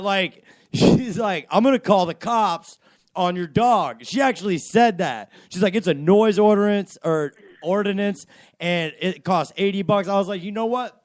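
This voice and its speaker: A young man hosts an internet radio show from a home studio, with a fairly high voice and a dry, close sound. He tells a story full of cursing and gets visibly worked up as he goes. The talk is loose and full of laughs. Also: moderate pace, no room sound. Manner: profane, animated storytelling with laughs. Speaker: podcast host. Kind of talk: crude casual radio banter.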